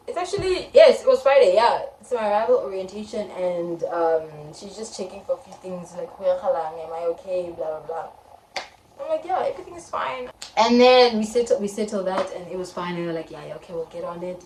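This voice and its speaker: A woman's voice: medium pitch, animated, moderate pace, darkish tone, far from the mic. A young South African woman in her twenties, telling a story in a casual vlog and retelling it dramatically with quoted voices. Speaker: vlogger. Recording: echoey room, faint background noise.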